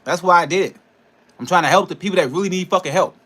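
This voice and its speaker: Bright-voiced man ranting profanely. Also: sits high, quick pace. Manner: frustrated, profane, rambling rant with laughs. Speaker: personal trainer and nutrition coach. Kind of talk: casual ranting vlog.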